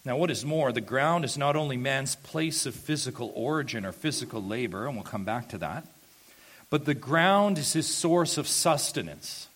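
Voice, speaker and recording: A man preaching a sermon, emphatic, slowing down and rising in force on key points. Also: medium pitch, expressive, fairly bright tone. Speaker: pastor.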